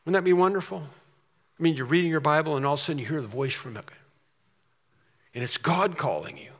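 A man's voice: a little high, quick pace, a bit bright, big-room sound. A man preaching a sermon as a pastor, earnest and emphatic, with storytelling asides.

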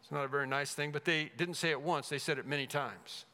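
A man preaching an expository sermon as pastor, emphatic, rising loud then dropping to a hush. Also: fairly high pitch, fast. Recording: long reverb of a large hall.

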